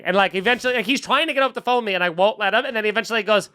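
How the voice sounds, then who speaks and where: Man, comedian, podcast host, swears a lot, animated, high bright voice. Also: very fast, clean tone. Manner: animated, profane, acts out the other voices. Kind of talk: comic storytelling.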